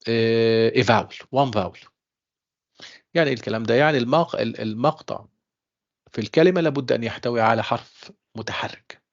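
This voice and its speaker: A male university English tutor whose first language is Arabic gives an online class lecture in a gravelly, mid-range voice. He teaches patiently and slowly, repeats himself, addresses everyone as "dear students," and mixes in explanations in Arabic. The audio is dull and lo-fi.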